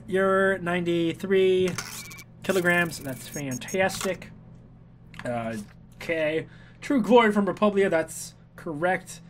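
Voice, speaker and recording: A high-pitched man with a fairly bright tone, recorded with slight background noise. He chats goofily through his let's play, humming and singing to himself and replying to the characters on screen.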